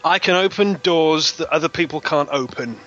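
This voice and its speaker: A man's voice: on the high side, moderate pace, bright, forceful tone, lo-fi sound, soft background music. A man doing a cagey sly thief. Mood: evasive. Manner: cagey, drawling, evasive. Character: evasive sly male thief.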